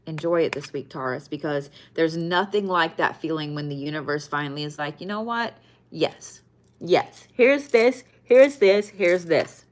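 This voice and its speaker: Woman with a lowish voice as a zodiac reader, casual, profane and repetitive, a touch tired. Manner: blunt, swears often, repeats phrases for emphasis. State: tired, yawning. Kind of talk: casual weekly zodiac card reading.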